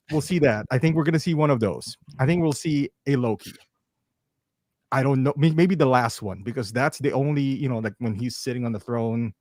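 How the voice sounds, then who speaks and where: A man chatting casually as a podcast guest, animated and laughing as he talks. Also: medium pitch, no echo, studio quality. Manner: animated, laughs often, mimics others. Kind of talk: casual chat.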